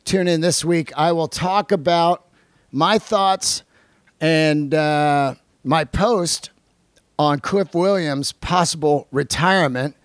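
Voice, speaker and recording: A man's voice: a little high, takes it slowly, no room sound. A man hosting a casual podcast chat in a recording studio, talking in a loose, profane, rambling storytelling way. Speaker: podcast host.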